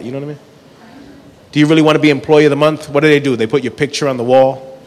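A man's voice: fairly high pitch, fairly even intonation, fast, long pauses. Laid-back man doing stand-up in a reverberant venue. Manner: laid-back, absurd storytelling with acted-out dialogue. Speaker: stand-up comedian. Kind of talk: stand-up set. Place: comedy club stage. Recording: live venue with long reverb.

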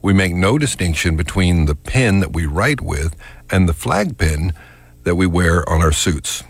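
A man's voice: low voice, animated, gravelly, slightly rough, no room sound. A man from Texas with a Texas accent, telling a scripted radio story in a folksy way and drawing out words to show them. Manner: folksy, drawn-out demonstration of words.

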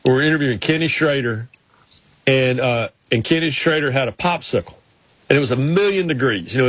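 Husky-voiced man on a sports talk show. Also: fairly high pitch, a bit bright, dry recording. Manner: rambling, with quick restarts and folksy impressions. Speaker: radio sports show co-host. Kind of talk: casual storytelling chat.

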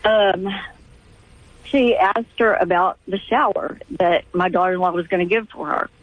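A middle-aged woman calling in to a radio show, telling a family story in halting, restarting sentences. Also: lowish voice, no room sound. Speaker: caller. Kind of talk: call-in radio conversation. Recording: tinny phone line, dry.

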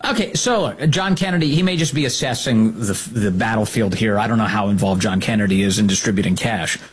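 A man's voice: lowish voice, brisk, a little hiss or hum. A man hosting opinionated political commentary, sarcastic, indignant and emphatic in his delivery.

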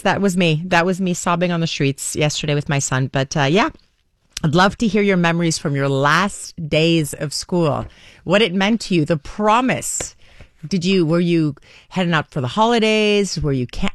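A woman's voice: sits low, no room sound. A woman in her forties hosting a morning radio show, telling stories in a chatty, rambling way, recorded at a studio microphone. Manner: chatty, warm storytelling with many restarts and fillers. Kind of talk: casual talk radio monologue. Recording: dry studio sound.

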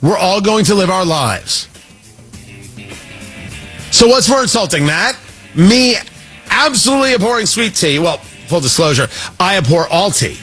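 A man's voice: high-pitched, big pitch swings, unhurried, pauses often, fairly bright tone, faint music behind. A man hosting a talk show, delivering a sarcastic, mocking monologue with frequent restarts. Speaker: talk radio host.

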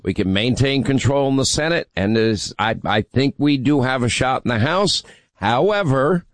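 A man's voice: medium pitch, dry recording. Emphatic man hosting a talk radio show. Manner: emphatic, teasing, rally-style delivery. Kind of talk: talk radio, taking calls.

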